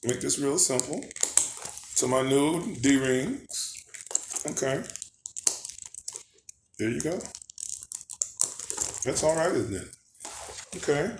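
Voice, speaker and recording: A man's voice: medium pitch, animated, slow pace, long pauses. Chatty male vlogger, loose rambling delivery, recorded in a reverberant room. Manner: chatty, rambling, asks viewers to imagine. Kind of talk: casual show-and-tell vlog. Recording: echoey room, faint background noise.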